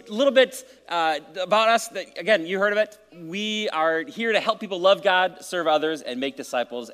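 High-voiced pastor in an echoing hall. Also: male voice, fairly bright tone. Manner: casual and joking, then reading scripture and praying. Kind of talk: sermon. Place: church sanctuary.

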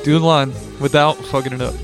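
A man co-hosting a casual podcast, playfully egging the others on with quick interjections. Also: medium pitch, steady tone. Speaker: podcast co-host. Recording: loop music bed playing behind.

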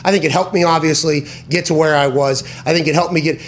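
A man's voice: on the high side, fairly even intonation, fast talker. A man hosting a sports talk show, talking casually in an emphatic, profane way and often correcting himself mid-sentence. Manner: tangents and self-corrections.

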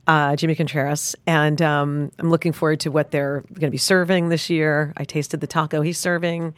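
A woman co-hosting a podcast in casual chat, encouraging and quick to affirm. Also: sits low, level tone, dry recording. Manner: encouraging listener, frequent affirmations. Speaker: podcast co-host.

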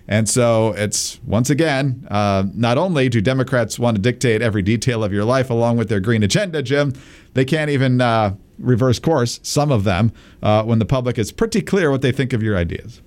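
A man co-hosting a political podcast, with a mid-range voice. He reads news excerpts aloud and comments in a steady, measured way. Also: medium pitch. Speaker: podcast co-host.

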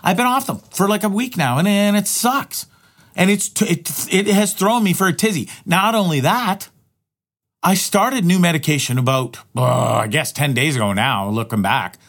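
A man's voice: high-pitched, normal speed, a bit bright. A man hosting his own podcast in a rambling, profane solo monologue, often restarting his sentences. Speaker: podcast host.

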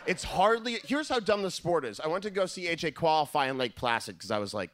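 A man performing a stand-up comedy set, telling family stories in an animated way and acting out their voices. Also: high-pitched, fairly quick, few pauses. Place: theater stage.

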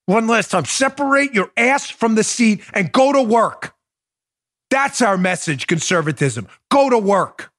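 A middle-aged male political host in a full-throated rant, his voice pushed very high and swinging wildly in pitch. He's blunt and profane and hammers the same short commands over and over. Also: expressive, unhurried. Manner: shouting, repetitive, blunt and profane. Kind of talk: ranting political commentary.

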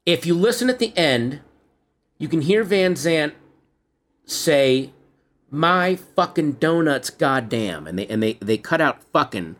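A middle-aged man, co-hosting a podcast in casual chat, telling animated stories and teasing his partner. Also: fairly high pitch, measured pace. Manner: animated storyteller, teasing, jumps into quoted voices. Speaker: podcast co-host.

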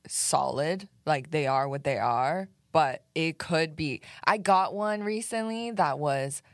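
A woman's voice: deep voice, slow, no room sound, clean studio sound. A woman guest on a podcast, a comedian in easygoing casual chat who laughs often.

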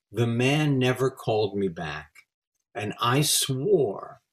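An older man speaks unhurriedly in a somewhat low voice. He is a guest in a relaxed conversation, measured and deliberate, with a dry, playful wit. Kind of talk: casual conversation.

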